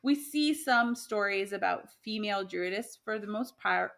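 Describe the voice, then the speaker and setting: Woman on a podcast, chatty, laughs a lot, lots of ums and restarts, middle pitched. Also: normal speed, creaky, fairly bright tone. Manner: chatty, laughs often, many fillers and restarts. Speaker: podcast co-host sharing myths. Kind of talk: casual conversational chat.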